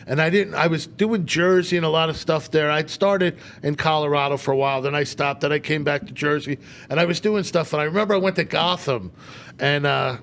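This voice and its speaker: A man's voice: on the high side, a little fast, gravelly. A man, a comedian guest, telling stories on a podcast and animatedly acting out the people in them. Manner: animated, acts out quotes in a raised voice. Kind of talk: casual podcast storytelling.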